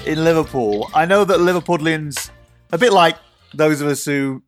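Interviewer from Yorkshire, fairly high voice. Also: male voice, moderate pace, soft background music. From Yorkshire, England. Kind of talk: interview questions.

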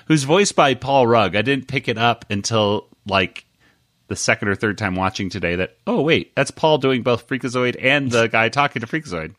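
A man's voice: mid-range voice, lively intonation, normal speed, fairly bright tone, no room sound, studio quality. A man hosting a podcast who rambles in casual chat with lots of fillers and chuckles. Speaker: podcast host.

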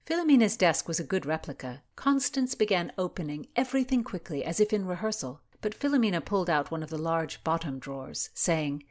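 A woman reads a historical novel aloud as a calm, measured narrator. Her delivery is steady and unhurried, slipping into soft, whispery asides. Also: fairly low pitch. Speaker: audiobook narrator. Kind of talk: scripted narration.

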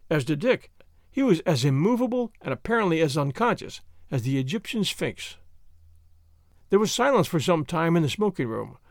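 Expressive male audiobook narrator. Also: fairly high pitch, dry recording, studio quality.

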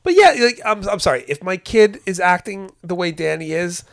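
A man's voice: high-pitched, moderate pace, gravelly, dry recording, clean studio sound. A man co-hosting a casual talk show, blunt and profane, who laughs often. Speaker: podcast co-host. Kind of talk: casual chat.

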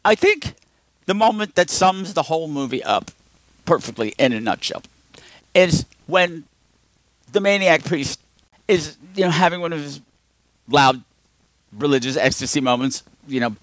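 A man's voice: moderate pace, long pauses, dry recording. A man hosting a casual film review podcast, rambling, sarcastic and exasperated. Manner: animated, with lots of pitch swings. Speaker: podcast host.

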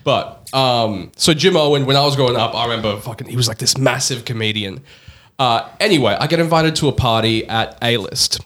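An Australian man, a guest comedian, telling an animated, self-deprecating story on a casual podcast, swearing and laughing often. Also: mid-range voice, fairly quick.

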